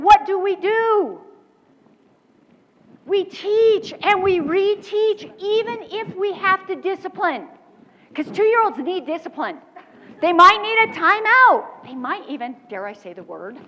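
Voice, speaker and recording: A woman giving a motivational keynote speech, telling animated stories with quick laughs, on a stage microphone in a large lecture hall. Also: extremely high pitch. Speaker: keynote speaker. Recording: dull recording with long hall reverb.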